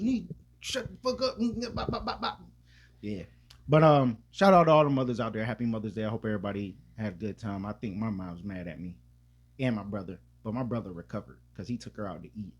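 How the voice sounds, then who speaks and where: A man's voice: medium pitch, slightly rough. A man co-hosting a podcast, telling a loose, profane, rambling story in casual chat with lots of restarts. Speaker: podcast co-host.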